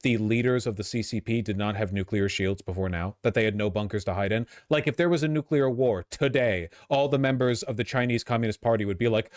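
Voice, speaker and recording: A man's voice: fairly low pitch, brisk, few pauses, no echo, clean studio sound. A man streaming live, reacting to a news video in an exasperated, sarcastic way and swearing often.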